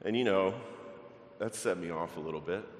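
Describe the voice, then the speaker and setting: A middle-aged man preaches from the pulpit, his low voice telling a personal story in a loose, conversational way. He is heard over a church microphone, and the sound rings around a large, echoey sanctuary with a long reverb tail. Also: normal speed, a little hiss or hum. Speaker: pastor. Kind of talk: sermon.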